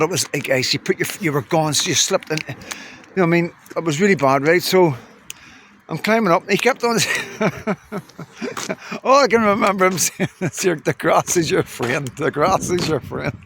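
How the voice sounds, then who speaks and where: A man's voice: on the high side, background noise. A man telling a rambling, swearing story to his viewers and laughing along as he goes. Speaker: vlogger. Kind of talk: casual storytelling to camera.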